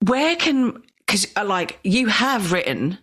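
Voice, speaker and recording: A woman's voice: mid-range voice, very animated, takes it slowly, fairly bright tone, slightly rough. A woman hosting a podcast, chatting playfully and laughing often, a self-described big talker. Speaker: podcast host. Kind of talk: casual podcast conversation.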